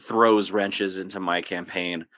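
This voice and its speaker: A man's voice: low-pitched, takes it slowly, dry recording. A man who runs tabletop games, chatting casually on a podcast and giving advice, rambling along with lots of fillers. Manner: relaxed, rambling with many fillers. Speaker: game master.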